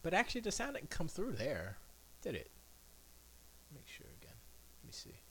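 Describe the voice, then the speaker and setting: A man talking casually to his stream from his home studio, rambling and muttering to himself, drifting between loud and hushed. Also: a little high, huge pitch swings, moderate pace, background noise. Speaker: live streamer.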